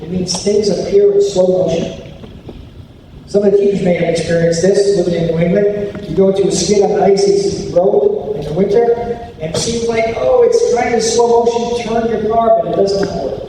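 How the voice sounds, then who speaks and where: A man's voice: high voice, steady tone, moderate pace, mellow, slight background noise. A man giving an anti-bullying talk at a school assembly, telling a personal story and acting out the quotes. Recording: echoey hall recorded from far off.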